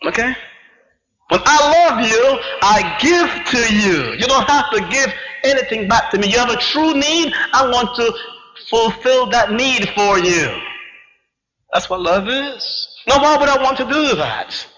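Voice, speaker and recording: A man's voice: extremely high pitch, lively intonation, measured pace, pushed and bright. A man giving an emphatic spiritual lecture to a live audience, driving his points home with rhetorical questions and repeated "you see". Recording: dull lo-fi 1990s hall recording with long reverb.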